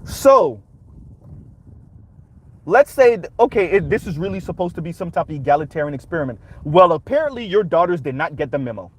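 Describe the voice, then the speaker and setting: A man's voice: fairly high pitch, very animated, brisk, husky. A man hosting a reaction commentary, talking emphatically and punctuating his points with rhetorical "right?"s. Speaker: commentary channel host.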